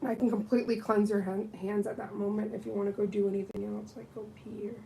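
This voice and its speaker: A nail technician chats casually on a livestream while doing nails, full of lively quoted voices. She talks fast with a creaky, mid-range voice, and the audio is poor with slight background noise.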